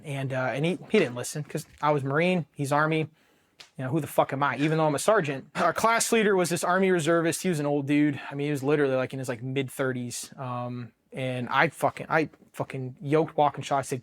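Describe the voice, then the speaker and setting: A man's voice: fairly high pitch, fairly even intonation, quick pace. A man from Ohio, a Marine veteran, telling his own story in a blunt, profane, candid way.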